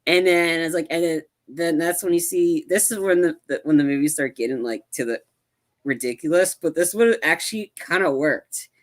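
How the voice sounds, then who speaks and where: A man's voice: a little high, moderate pace. A man co-hosting a podcast, chatting casually about a film, rambling with many restarts and acting out lines from scenes. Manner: rambling, acts out film lines in animated bursts. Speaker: podcast co-host. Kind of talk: casual movie review chat.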